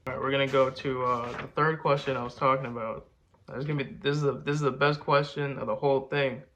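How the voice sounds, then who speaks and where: A man's voice: medium pitch, fairly even intonation, quick pace, a bit bright, slight background noise. A young man chatting casually, rambling and boastful, full of slang like bro and man. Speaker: rapper answering fan questions. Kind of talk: casual chat.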